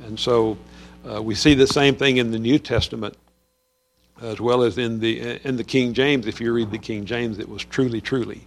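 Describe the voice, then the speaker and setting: A man's voice: medium pitch, fairly even intonation, normal speed. A man teaching a Bible study on a Psalm in a conversational way, with frequent fillers and restarts.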